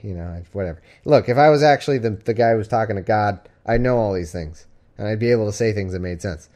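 Casual male streamer, lowish voice, reads scripture and riffs on it with sarcastic, rambling asides. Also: fast talker, darkish tone. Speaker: live-stream host. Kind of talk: casual scripture reading with commentary.

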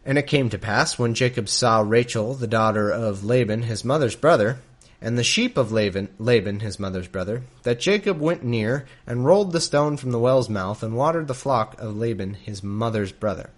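A man's voice: medium pitch, normal speed. A man reading scripture aloud and breaking off for wry, joking asides. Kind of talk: Bible reading with comedic commentary.

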